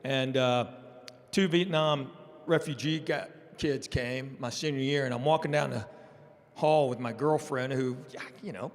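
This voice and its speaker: A man's voice: a little high, long reverb tail. A man in his sixties from East Tennessee telling funny stories as an interview guest. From East Tennessee, USA. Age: 60s. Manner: joking, animated storyteller. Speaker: comedian guest. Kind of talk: casual storytelling interview.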